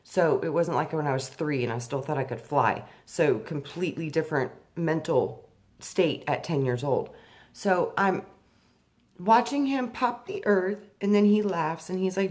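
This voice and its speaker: Speaking of her spiritual journey, she softens and slows on the deepest points. Her voice springs to life when she recalls the past, rising sharply whenever she acts out her younger self.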